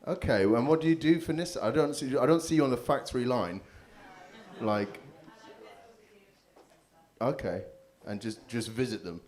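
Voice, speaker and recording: A man's voice: mid-range voice, moderate pace, pauses often, darkish tone. A man hosting a live comedy show on a handheld mic, teasing the crowd with crude, cheeky banter. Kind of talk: live stand-up crowd work. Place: live comedy venue with audience. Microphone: handheld stage mic.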